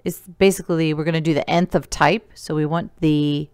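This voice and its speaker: A woman's voice: low-pitched, fairly even intonation, a little fast, darkish tone, clean tone, dry recording, studio quality. A woman teacher giving a recorded remote lesson, explaining each step patiently and counting elements aloud.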